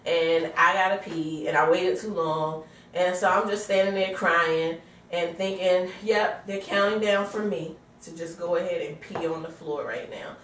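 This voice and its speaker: A woman's voice: lowish voice, a little slow, recorded from a distance, a little hiss or hum. Pregnant woman telling a story, roomy. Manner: animated storyteller acting out quotes, laughing. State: pregnant, tired. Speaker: vlogger. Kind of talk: casual storytelling vlog. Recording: roomy sound from away from the mic.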